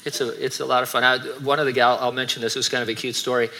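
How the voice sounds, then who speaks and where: Man, middle-aged pastor, sermon, bright forward tone, chatty with joking asides. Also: mid-range voice, level tone, rapid-fire, slight background noise. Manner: conversational, joking asides between scripture teaching.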